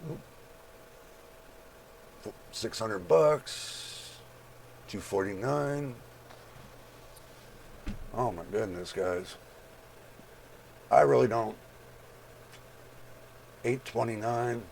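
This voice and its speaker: Male channel host, very gravelly voice, casual price read-through with viewer asides. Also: mid-range voice, extremely slow, long pauses, a little mellow, slight background noise. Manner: reads prices aloud, chatty asides to viewers. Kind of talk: casual screen-share commentary.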